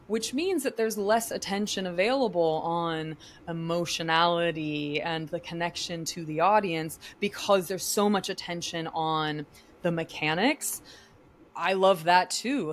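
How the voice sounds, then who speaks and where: A woman with a lowish voice lays out her ideas the way a vocal coach teaches, clear and articulate. She is answering a podcast interviewer. A faint hiss sits under the recording. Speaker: actor and vocal coach, guest.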